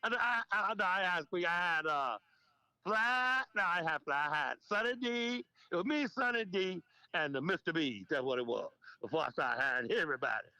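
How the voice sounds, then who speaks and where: A man's voice: high-pitched, normal speed, no room sound, low-quality recording. An older man telling club stories in an interview, acting out dialogue and laughing often. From Memphis, United States. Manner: animated storyteller, acts out quoted dialogue, laughs often. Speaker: interview guest, veteran club DJ. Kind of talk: storytelling in casual interview.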